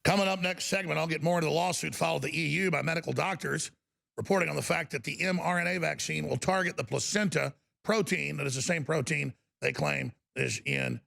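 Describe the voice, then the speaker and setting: A man's voice: fairly high pitch, creaky, a bit bright. A man hosting a talk broadcast, ranting and mocking in an indignant way. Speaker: talk show host.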